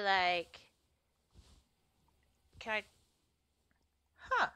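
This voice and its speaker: Woman, gaming streamer, playful let's-play banter, high bright voice. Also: big pitch swings, unhurried, pauses often, muffled recording. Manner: playful, jokey, chatty.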